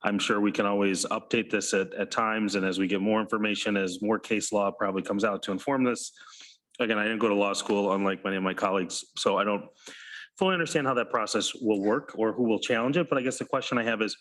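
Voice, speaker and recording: A man's voice: fairly low pitch, fast talker, fairly bright tone, low-quality recording. A man legislator speaking in a meeting with a cough drop in his mouth, thoughtful and rambling. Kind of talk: meeting discussion. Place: council chamber.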